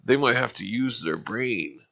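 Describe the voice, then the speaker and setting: Gravelly, profane man ranting. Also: mid-range voice, expressive, a little slow, sharp tone. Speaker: livestream host. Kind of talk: ranting political livestream.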